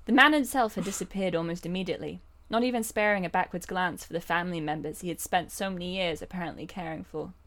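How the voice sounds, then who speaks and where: A woman's voice: fairly low pitch, fast, few pauses, fairly bright tone. Giggly woman reading aloud. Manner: giggly, breaks into laughter. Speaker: reader. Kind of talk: comedic dramatic reading.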